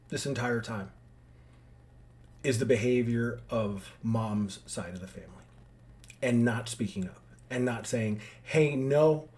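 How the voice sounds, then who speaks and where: Animated, heartfelt dad ranting to camera. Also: male voice, medium pitch. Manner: heartfelt, rambling, with restarts. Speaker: father addressing his daughters. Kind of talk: emotional vlog monologue.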